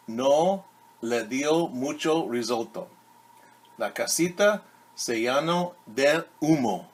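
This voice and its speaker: A male teacher reading a children's story aloud, speaking patiently to young listeners. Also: mid-range voice. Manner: slow, patient, addresses children directly.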